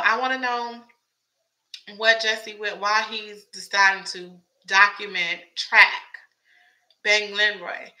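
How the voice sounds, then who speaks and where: Chatty woman with a strained, bright voice. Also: medium pitch, poor audio. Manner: chatty, wondering aloud, many rhetorical questions. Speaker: show commentator. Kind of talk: casual fan commentary vlog.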